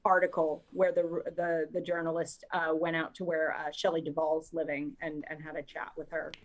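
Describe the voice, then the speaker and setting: A woman's voice: deep voice, flat delivery, normal speed, lo-fi sound. A woman co-hosting a casual movie podcast, talking in a thoughtful, conversational way and reading out poll results. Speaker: podcast co-host. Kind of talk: casual movie news chat.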